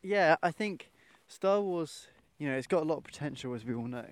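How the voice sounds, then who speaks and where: A young man with a slightly raised pitch chats in an easygoing, agreeable way. He keeps the conversation moving along. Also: animated, a little fast. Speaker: podcast co-host. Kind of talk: casual chat.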